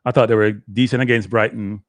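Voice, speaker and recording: A low-voiced man hosts a casual live sports stream, rambling on and chatting to his viewers by name. His throat is dry, and the sound is close and dry with no room echo. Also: steady tone, a little fast. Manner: rambling, talks to the chat by name, slips into Caribbean patois.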